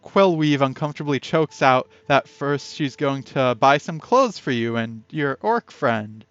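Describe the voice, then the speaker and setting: A man's voice: a little high, expressive, normal speed, hardly any pauses, clean tone, no room sound. Man casually reading a text game aloud. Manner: chatty, reads aloud and breaks off to comment. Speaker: game player and narrator. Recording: dull lo-fi audio with faint music.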